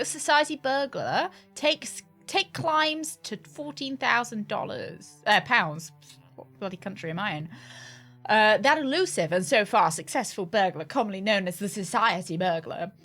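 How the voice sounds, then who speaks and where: A woman's voice: mid-range voice, fairly bright tone. A woman streamer reads game text aloud in a mid-range voice, tripping over words and fixing them on the fly. She breaks off into casual asides, and faint music plays underneath. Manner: chatty, stumbles and corrects herself mid-sentence.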